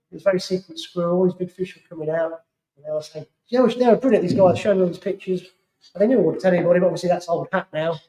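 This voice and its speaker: A man's voice: high-pitched, warm tone. A middle-aged English man giving a live talk to an audience, telling fishing stories in a chatty way. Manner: chatty storyteller, acts out other people's lines. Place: club hall. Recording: roomy hall echo.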